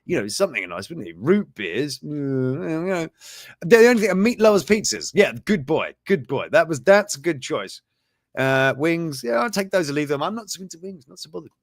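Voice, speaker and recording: A show host with a slightly high, sing-song voice reads out odd news items on his casual program, his pitch swooping up and down at a normal speed. He chuckles often and stops mid-sentence to add comments. The recording is dry and close, with no room sound or echo.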